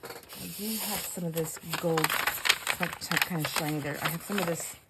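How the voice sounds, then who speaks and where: A very noisy recording carries a middle-aged woman's deep, somewhat slow voice as she hosts a craft video at home. Her talk is casual and rambling while she works, full of laughter and the odd whisper.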